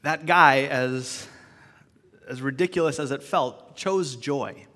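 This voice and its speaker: Speaking slowly with a sharp tone, a medium-pitched pastor delivers a sermon that feels conversational and reflective, punctuated by restarts and asides. The large church hall gives his voice a long reverb.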